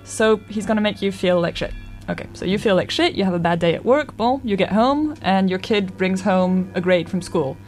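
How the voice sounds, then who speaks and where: A woman chatting casually and telling stories with lots of animation. She slips into the voices of the people in her stories. Quiet music plays faintly underneath. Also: mid-range voice, moderate pace, few pauses. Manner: animated, acts out quoted voices. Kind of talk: casual storytelling chat.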